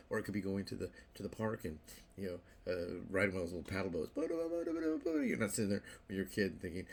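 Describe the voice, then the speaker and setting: Gravelly, low-voiced older man rambling to camera. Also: very animated, fairly quick, slight background noise. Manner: rambling, repeats words and restarts often; playful, acts out little quoted voices. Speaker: YouTube vlogger. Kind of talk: casual monologue to camera.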